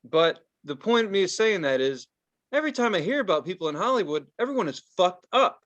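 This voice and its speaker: A man co-hosting a podcast in casual chat, ranting in an animated, profane way. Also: high voice, a little fast, muffled recording. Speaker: podcast co-host.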